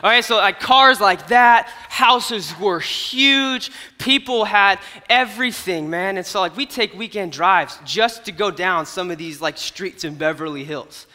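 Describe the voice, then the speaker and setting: A young man giving a comedic storytelling sermon at an event, animated and swinging from hushed to loud. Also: sits high, unhurried, few pauses. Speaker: youth speaker at an event. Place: large hall at an event. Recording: hall reverb from a stage.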